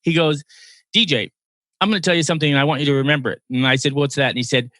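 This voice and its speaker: Bright-voiced man in his sixties. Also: on the high side, fairly even intonation, racing, dry recording. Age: 60s. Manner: earnest storytelling, emotional at times. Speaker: podcast host. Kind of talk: casual interview chat.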